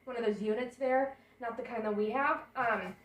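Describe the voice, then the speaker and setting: At a moderate pace and a slightly high pitch, a young vlogger chats and rambles as she unpacks baby gear in her apartment bedroom, thinking aloud. The recording is roomy, the camera a bit distant, and a portable air conditioner hums throughout.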